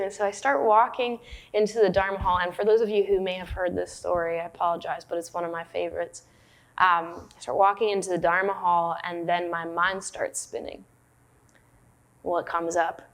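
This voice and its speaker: A woman's voice: fairly low pitch, steady tone, normal speed. Woman telling a candid dharma story. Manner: candid, self-deprecating storytelling with laughs and fillers. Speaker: meditation teacher. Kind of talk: dharma talk.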